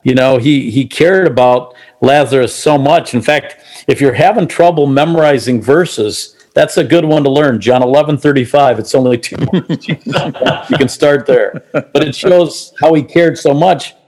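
A man's voice: mid-range voice, unhurried. A man chatting about faith, moving between personal stories and Bible passages. He speaks with animation and laughs lightly as he goes. His voice sits in the middle range. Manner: animated, personal anecdotes, chuckles often. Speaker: co-host of a faith talk show, former shopping-channel host. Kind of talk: casual faith chat.

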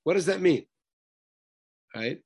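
A man teaching a text study class in a high, husky voice that swoops up and down with lively emphasis. He keeps throwing rhetorical questions at his listeners as he works through the passage. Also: slow pace. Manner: animated, asks many rhetorical questions.

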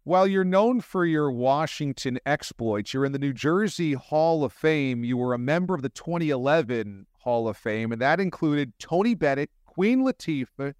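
A man's voice: a little high, animated, normal speed, few pauses, a little mellow, smooth, no echo, studio quality. A man hosting an interview, asking curious, conversational questions. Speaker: podcast interviewer.

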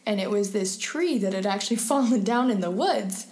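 A woman's voice: medium pitch, expressive, moderate pace, a little mellow. A young woman, a guest in an interview, telling personal stories in a chatty, candid way with many fillers. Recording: roomy echo.

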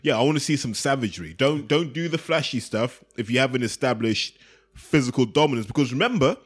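A man's voice: mid-range voice, a little fast, breathy edge. Chatty man talking boxing. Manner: animated, acts out quotes in raised voice. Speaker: boxing podcast co-host. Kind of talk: casual chat.

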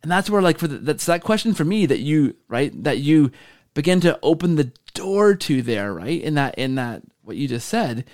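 A man hosting a podcast, telling a story in a casual, animated way and checking in with a frequent "right?". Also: fairly high pitch, normal speed. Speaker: podcast host.

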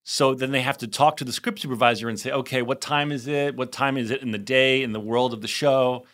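A man co-hosting a podcast in casual chat, telling animated stories and putting on voices for quotes. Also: mid-range voice, a little fast. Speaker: podcast co-host.

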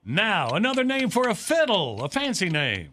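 Male radio host, high bright voice, quick upbeat patter, faint background hiss. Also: wildly swooping pitch. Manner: laughing, upbeat game-show patter. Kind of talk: hosting a word game on a radio show.

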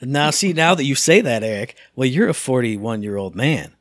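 A middle-aged man talks through a gaming podcast in a rambling, self-amused way, circling back and restarting as he goes. His voice sits at an ordinary pitch for a man, and it is recorded dry and close, with no room sound. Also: animated, normal speed, fairly bright tone, no room sound. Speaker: podcast co-host. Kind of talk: casual gaming podcast chat.

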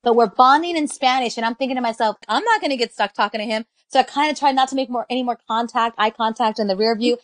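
A woman's voice: on the high side, fast talker, hardly any pauses, no room sound. A woman co-hosting a casual podcast chat, talking with enthusiasm and dropping in Spanish phrases. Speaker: podcast co-host.

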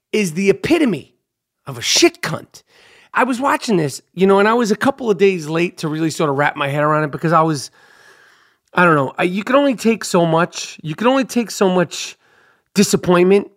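An angry podcast host speaks into a studio mic in a mid-range voice. The delivery is a profane rant, full of stammers and restarts. Phrases get repeated for emphasis. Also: mid-range voice. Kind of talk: angry monologue commentary.

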